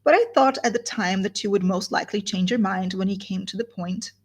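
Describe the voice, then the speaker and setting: Lady reading as a syrupy fake-sweet young woman, gushy and pushy, bit of a husky voice. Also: mid-range voice, fairly quick, close to an everyday voice. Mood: gushing. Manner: gushing, overly emphatic.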